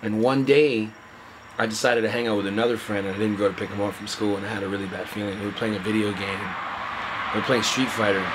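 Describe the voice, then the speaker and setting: A man earnestly recounting a personal story in a halting way, his voice often trailing off quietly. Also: fairly low pitch, slight background noise, low-quality recording. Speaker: interviewee telling a personal story. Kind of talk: candid personal account.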